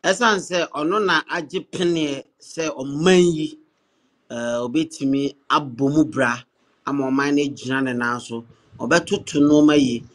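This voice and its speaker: A man's voice: a little high, measured pace. A man co-hosting a casual video talk, answering questions at length. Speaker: co-host. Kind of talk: casual chat.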